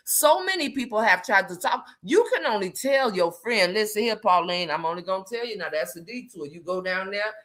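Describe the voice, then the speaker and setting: A woman hosting a casual live chat, animated and slangy, greeting viewers by name as she talks. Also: fairly high pitch. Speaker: livestream host.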